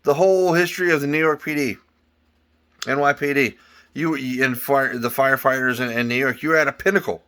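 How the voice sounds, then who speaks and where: A man's voice: mid-range voice, fairly even intonation, fairly quick, a bit bright. A man giving an angry, profane political rant on his vlog, often repeating words as he works himself up. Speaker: vlogger.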